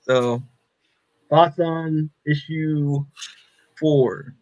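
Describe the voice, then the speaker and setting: A man's voice: on the high side, fairly even intonation, drawn-out words, a little mellow, dull audio, slight background noise. A man on a podcast, recapping a comic in a loose, rambling way, full of fillers and swearing. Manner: rambling, profane, heavy with fillers. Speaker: podcast co-host. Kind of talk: casual chat recapping a comic.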